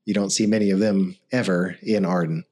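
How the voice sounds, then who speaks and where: A man's voice: sits low, steady tone, brisk, a little mellow. A man narrating as game master, hesitant and full of fillers.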